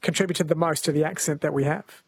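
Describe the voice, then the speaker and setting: A man's voice: fairly high pitch, steady tone, fast talker, vocal fry, slightly rough, dry recording. A man hosting a radio interview, asking curious, chatty questions in a studio. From New Zealand. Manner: chatty, inquisitive. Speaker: radio host.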